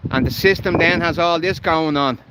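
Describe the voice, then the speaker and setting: A man's voice: fairly high pitch, moderate pace, noisy background. An Irish man livestreaming while walking his dog by a canal, talking bluntly and heatedly with lots of swearing. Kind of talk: live walking vlog.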